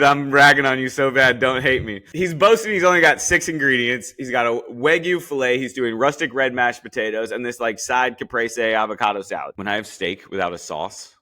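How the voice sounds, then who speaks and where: A man's voice: mid-range voice, sharp tone. A young man hosting a podcast, giving a blunt, joking recap of a cooking show and swearing freely as he talks straight at the contestants. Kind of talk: casual recap commentary.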